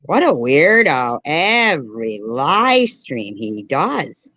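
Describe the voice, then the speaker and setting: Low-voiced woman making scornful commentary. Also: big pitch swings, takes it slowly, a bit bright, no echo. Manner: mocking, scornful asides. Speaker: commentary channel host. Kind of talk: reaction commentary. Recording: dry, dull lo-fi sound.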